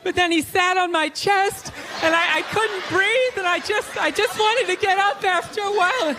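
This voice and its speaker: A man doing a stand-up comedy routine on a theater stage, ranting loudly and acting out voices of other people. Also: very high voice, moderate pace, very noisy. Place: theater stage before a live audience. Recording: live theater recording with crowd laughter.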